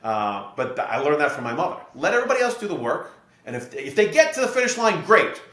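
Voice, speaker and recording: A middle-aged man from New Jersey, a podcast guest and real estate investor, explaining his ideas through steady anecdotes. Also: a little high, fast. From New Jersey, USA. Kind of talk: podcast interview storytelling. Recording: echoey room.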